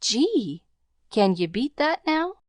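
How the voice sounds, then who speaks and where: A woman voicing a rough, brash street boy in a storybook, with slangy speech. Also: a little high, big pitch swings, takes it slowly, no echo, pitched above the performer's own voice.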